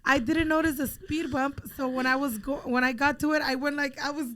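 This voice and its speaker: A woman, a mother, telling a family story in casual chat, animated and swearing freely, slipping into Spanish words. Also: high voice, brisk, slight background noise.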